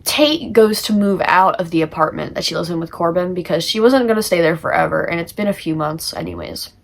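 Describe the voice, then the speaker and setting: A woman's voice: lowish voice, quick pace, vocal fry. A teenage girl giving a casual, chatty book summary for a class project, full of fillers and laughter. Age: teens. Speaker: student.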